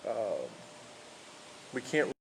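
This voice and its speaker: Gravelly-voiced pastor preaching, halting delivery. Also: male voice, medium pitch, big pitch swings, background noise. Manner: halting, many fillers and restarts. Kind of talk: informal outdoor sermon with storytelling. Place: outdoors in a park.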